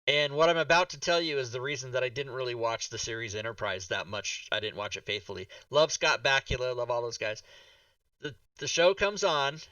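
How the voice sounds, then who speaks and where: A man hosting a podcast, telling a rambling, animated story full of swearing and acted-out reactions. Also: medium pitch, a little fast, no room sound, distant mic, dull audio. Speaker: podcast host. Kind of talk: casual chat.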